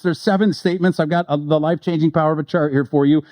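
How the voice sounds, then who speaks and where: A male pastor giving a relaxed, conversational sermon, joking with listeners and slowing down to read quotes with weight. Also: a little high, no echo. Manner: conversational and joking, reads quotes slowly with emphasis.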